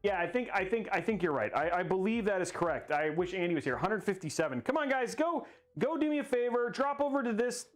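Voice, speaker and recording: Goofy high-voiced man livestreaming a PC build. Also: lively intonation, fast. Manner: rambling, goofy, laughs at himself. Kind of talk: casual livestream chat. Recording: faint music behind the voice.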